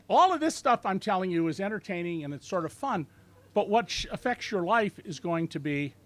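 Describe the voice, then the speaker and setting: A man in his sixties giving a talk at a bookstore event, telling stories in a lively, sardonic way and mocking the people he quotes. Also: sits high. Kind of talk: lecture to a live audience.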